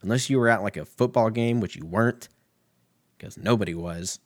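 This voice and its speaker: Low-voiced profane man rambling. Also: a little fast, no room sound. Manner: crude, profane, self-mocking, tangent-prone. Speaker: podcast host. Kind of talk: rambling casual monologue.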